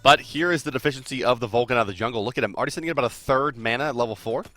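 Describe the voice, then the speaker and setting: A man casting an esports match, energetic and chatty, laughing often. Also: medium pitch, very fast. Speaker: esports caster. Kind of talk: play-by-play commentary.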